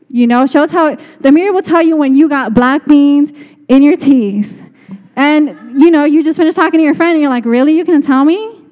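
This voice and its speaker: Woman preaching, high mellow voice, casual and earnest, big echoey hall. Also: highs cut off. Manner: earnest, conversational, many restarts. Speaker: speaker. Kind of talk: sermon. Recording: long reverb of a hall.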